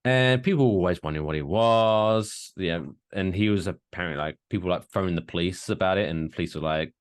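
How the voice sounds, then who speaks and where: A man's voice: low voice, a little fast, few pauses, smooth. A man in his thirties co-hosting a podcast, rambling and joking crudely in casual chat. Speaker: podcast co-host.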